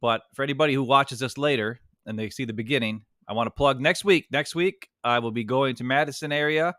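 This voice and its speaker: A man with a bright, ringing voice co-hosts a fan talk show over a video call. He explains a game at length, restarting sentences as he goes. The sound is dry and close to the mic. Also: medium pitch, no echo. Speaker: co-host of a sports fan show.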